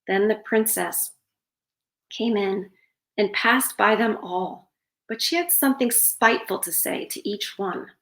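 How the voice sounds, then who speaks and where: A woman's voice: mid-range voice, a little slow, fairly bright tone. A woman reads a fairytale aloud and breaks off for sarcastic asides. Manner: sarcastic asides between passages. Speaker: storyteller. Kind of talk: reading a fairytale aloud with commentary. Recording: roomy echo.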